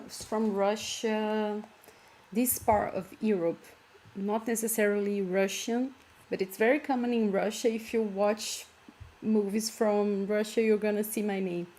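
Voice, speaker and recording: In an online language lesson, a female teacher who is a native Portuguese speaker with a Brazilian accent patiently walks through words step by step. Her voice is medium in pitch and warm in tone.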